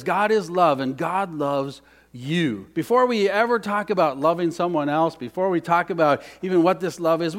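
A man with a fairly high-pitched voice preaches a sermon as pastor. He is earnest, repeats key phrases, and leads the congregation in spoken responses.

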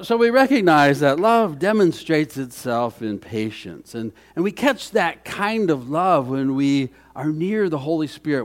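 A middle-aged man preaching a conversational sermon as pastor, folksy and chatty, with frequent restarts. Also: a little high.

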